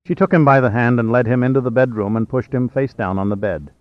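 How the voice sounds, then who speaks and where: A man narrating a novel as an audiobook reader in a steady, measured way. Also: medium pitch, dry recording. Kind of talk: scripted narration. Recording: slightly dull, dry.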